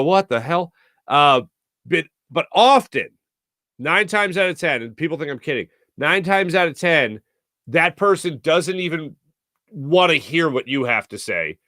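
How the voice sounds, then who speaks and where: A man's voice: medium pitch, fairly bright tone, dry recording, studio quality. A man hosting a sports talk show, telling stories in a chatty, self-mocking way. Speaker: podcast host. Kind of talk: casual monologue.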